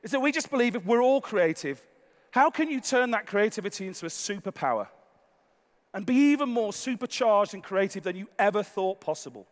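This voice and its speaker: High-voiced man speaking on a conference stage. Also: brisk. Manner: energetic and conversational, with asides. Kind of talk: keynote talk on stage. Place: large conference hall. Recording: echoey hall reverb.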